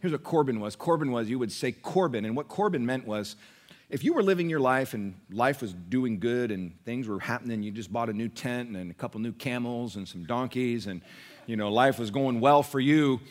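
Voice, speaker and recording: Preaching to his flock during a church service, this middle-aged pastor speaks in an expressive mid-range voice at a moderate pace. He prompts responses from the congregation, shifting from soft asides to loud declarations.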